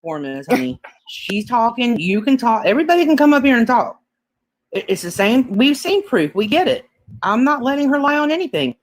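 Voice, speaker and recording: A woman moderating a heated livestream, placating the others and trying to calm them down. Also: on the high side, fairly quick, poor audio.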